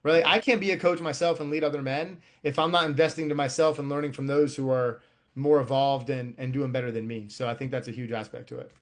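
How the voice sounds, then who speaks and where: A man's voice: mid-range voice, fairly even intonation, quick pace. A man in his thirties, a youth baseball coach and podcast guest, talking bluntly and profanely in casual chat. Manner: blunt and profane, heavy on filler words.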